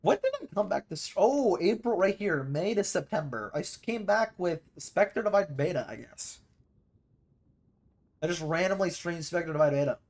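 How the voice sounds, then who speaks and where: The voice is high and animated, moving at a moderate pace, as a young man streams a video game. He keeps up a rambling, chatty commentary while he plays, punctuated by sudden loud mimicking shouts.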